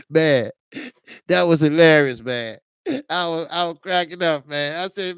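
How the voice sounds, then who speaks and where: Slow-talking, laughing livestream host man. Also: fairly high pitch, animated, creaky, clean tone, dry recording, clean studio sound. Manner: laughing, storytelling, slangy; drawn-out, repeats "man". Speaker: host of a boxing talk stream. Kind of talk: casual livestream chat.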